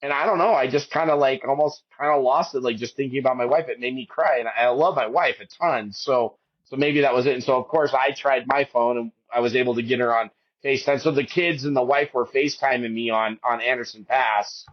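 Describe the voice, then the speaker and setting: Talking a little fast, this man of around fifty, a podcast guest, recounts a hike with feeling, looping through many false starts. He lifts his voice high whenever he quotes his wife, and the audio sounds dull.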